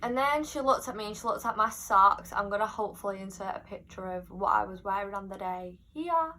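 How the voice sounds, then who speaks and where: A woman's voice: mid-range voice, brisk, a little hiss or hum. A young woman telling a personal story in a casual, chatty vlog, acting out what people said. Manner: chatty, animated retelling with quoted voices. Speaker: vlogger.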